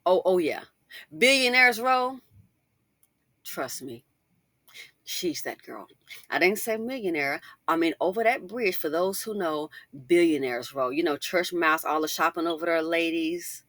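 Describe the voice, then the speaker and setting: A middle-aged woman hosting a casual commentary monologue, chatty and animated, full of asides and emphatic rhetorical questions. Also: on the low side, moderate pace, dry recording, studio quality. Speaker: commentary channel host.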